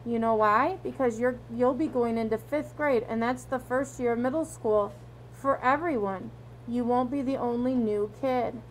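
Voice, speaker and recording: A woman reading a storybook aloud, voicing a mother gently coaxing her son. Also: on the high side, normal speed, slight background noise, natural voice, low-quality recording.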